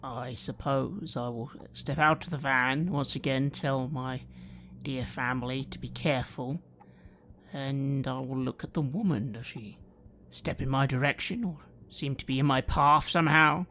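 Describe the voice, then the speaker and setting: A player speaking in character, slow and earnest, sometimes dropping into soft, near-whispered lines. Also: mid-range voice, fairly even intonation, a little hiss or hum. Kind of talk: in-character roleplay speech.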